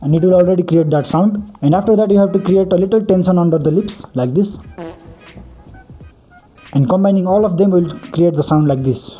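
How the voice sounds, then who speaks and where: A man's voice: high voice, a little fast, warm tone, soft background music. A man hosting a beatbox tutorial, explaining each step earnestly and repeating "really, really" for emphasis.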